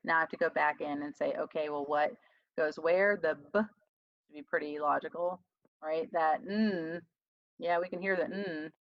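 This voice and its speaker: A woman's voice: low-pitched, steady tone, normal speed, no echo. Chatty woman teaching over a muffled mic. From United States. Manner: chatty, self-deprecating, thinks aloud while writing. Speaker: reading tutor presenting a webinar. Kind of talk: casual teaching talk.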